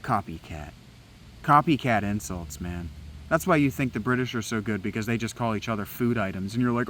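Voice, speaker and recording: A man's voice: fairly low pitch, brisk, a bit bright, slight background noise, low-quality recording. A man outdoors in the woods, giving a rambling spoken meditation in an agitated, preachy way and swearing often. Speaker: vlogger.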